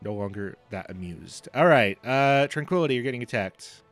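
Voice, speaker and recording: A man runs a tabletop game as game master, calling out turns and outcomes in a brisk, matter-of-fact way. His voice sits mid-range, with soft music playing underneath. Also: mid-range voice, expressive. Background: faint music.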